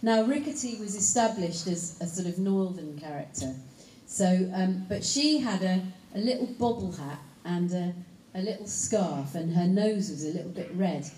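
An actress answering panel questions in a chatty, rambling way, full of fillers and asides. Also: female voice, lowish voice, lively intonation, moderate pace, warm tone, slight background noise. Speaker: actress and voice actor. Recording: roomy hall, distant mic, faint ambience.

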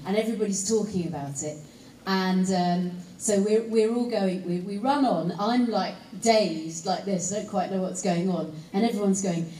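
A woman's voice: medium pitch, normal speed. Woman telling a fun story to an audience, chatty, voice a bit far off, echoey hall. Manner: chatty and lively, teasing the audience with asides. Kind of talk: live anecdote to an audience. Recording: echoey hall, voice picked up from a distance, faint room noise.

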